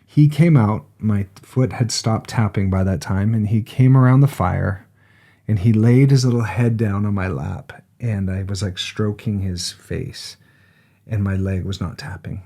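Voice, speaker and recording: A middle-aged man, co-host of a podcast, telling a personal story in a relaxed, conversational way and acting out the voices of the people in it. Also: on the low side, unhurried. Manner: animated storyteller, acts out quoted voices, frequent restarts.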